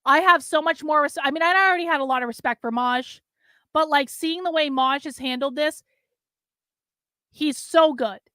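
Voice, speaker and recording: Female livestream host, high pitch, dry close mic, blunt and profane. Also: normal speed, sharp tone, no room sound. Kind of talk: livestream commentary reacting to clips and reading viewer messages.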